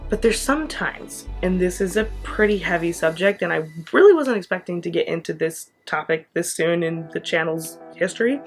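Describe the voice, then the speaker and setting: A young American woman hosting her own channel, talking earnestly to camera in a chatty way with quick asides. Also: lowish voice, lively intonation, soft background music. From United States. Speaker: channel host. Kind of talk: casual vlog talk to camera.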